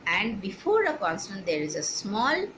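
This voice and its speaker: A woman's voice: medium pitch, huge pitch swings, normal speed, noisy background. A woman teaching English grammar to children, spelling words out letter by letter and checking that they follow.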